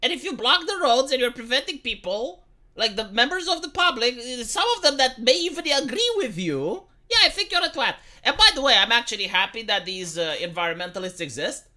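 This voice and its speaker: Young woman, Romanian accent, bright and animated, blunt and profane, streamer ranting on camera. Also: on the high side, brisk. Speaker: live-streamer. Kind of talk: casual opinionated commentary.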